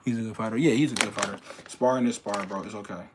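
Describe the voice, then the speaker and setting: A young man, a boxer casually answering viewer questions, swinging from loud incredulous ranting to low mumbled advice. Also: steady tone, quick pace, noisy background. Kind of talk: casual livestream chat.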